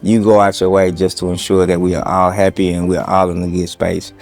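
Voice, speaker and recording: A man with a very low voice pays sincere tribute to his pastor. He pauses and fills with ums as he goes. Faint music plays behind him. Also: flat delivery, a little mellow. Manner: sincere, halting, with many ums. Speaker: church member giving a tribute. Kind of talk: heartfelt spoken tribute.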